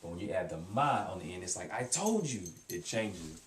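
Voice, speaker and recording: A man teaching a casual language lesson, halting and repeating words, with many fillers as he explains. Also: sits low, a bit bright, a little hiss or hum. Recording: echoey room, mic at a distance.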